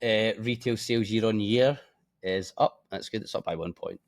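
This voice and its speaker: A man's voice: on the low side, normal speed. Blunt, tired man on markets. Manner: blunt, swears freely, offhand asides. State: tired and yawning. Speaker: forex trading presenter. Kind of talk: casual market commentary.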